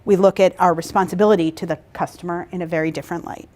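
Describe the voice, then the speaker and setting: A woman's voice: fairly low pitch, steady tone, fast talker, a little mellow. A woman facilitating a workshop, explaining to a group and checking in with "right?" and "okay?". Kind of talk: interactive workshop talk.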